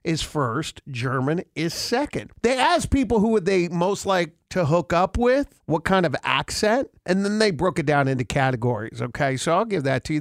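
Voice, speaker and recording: A man's voice: fairly high pitch, dry recording, studio quality. Upbeat man hosting radio banter. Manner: leads the segment, reading poll results with playful asides. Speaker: radio show host.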